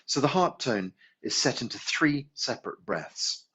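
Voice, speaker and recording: A man teaching a qigong healing class, gently guiding breaths and sounding out long vocal tones and hums. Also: mid-range voice, expressive, slightly rough. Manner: gentle, unhurried guidance with sung tones and hums. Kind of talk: guided healing class instruction.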